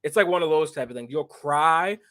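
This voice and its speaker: A young man with a slightly high voice, co-hosting a casual livestream. He talks in excited bursts, full of fillers and restarts. It is loose, friendly banter. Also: brisk. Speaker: livestream co-host. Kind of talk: casual chat.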